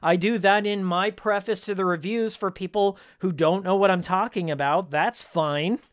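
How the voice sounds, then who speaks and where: A man's voice: high voice, steady tone, moderate pace. A man streaming a video game, chatting casually with his viewers in a heated, sarcastic rant with frequent laughs. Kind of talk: casual live-stream chat while playing.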